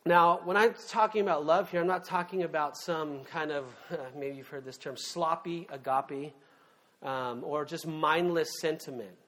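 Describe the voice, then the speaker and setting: Man, pastor preaching, conversational, emphatic, lots of fillers, fairly high voice. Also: steady tone, a little slow, a bit bright. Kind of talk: sermon.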